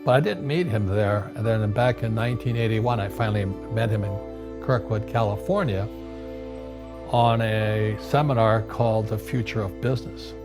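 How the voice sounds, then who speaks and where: A man's voice: lowish voice, normal speed. Older guy from hawaii telling stories, keeps restarting words, music playing in the background. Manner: animated anecdotes with frequent restarts and repeated words. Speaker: interview guest. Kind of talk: storytelling conversation.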